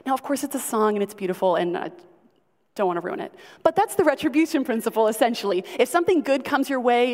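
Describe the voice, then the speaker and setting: A woman giving a conversational Bible teaching to a group, often asking her listeners questions and filling pauses with ums. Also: a little high, animated. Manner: chatty, asks the audience questions, frequent ums. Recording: long reverb of a large hall.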